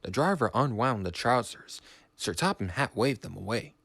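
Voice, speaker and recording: A man narrating a children's storybook in a measured, expressive way. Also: mid-range voice, gravelly, no room sound, clean studio sound.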